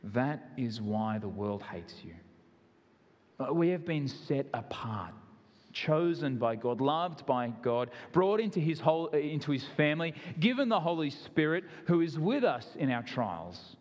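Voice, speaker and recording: A man's voice: fairly high pitch, big pitch swings, a little slow, a little mellow, long reverb tail. A man with an Australian accent, preaching a sermon in an earnest, conversational way with self-deprecating asides. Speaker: pastor.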